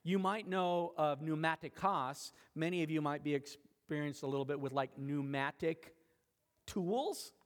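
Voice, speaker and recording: A middle-aged man preaches a sermon from the pulpit with a somewhat high voice. He keeps it chatty, then lifts into sudden loud, high surges. His voice rings out with the long tail of a large church hall. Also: measured pace. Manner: conversational preaching with sudden rises in pitch and volume. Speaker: pastor.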